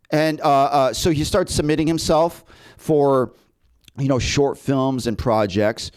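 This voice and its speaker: A man's voice: a little high, unhurried. A man who hosts a podcast for actors, telling stories in casual chat, stammering and repeating words as he goes. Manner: animated storytelling, frequent repeated words.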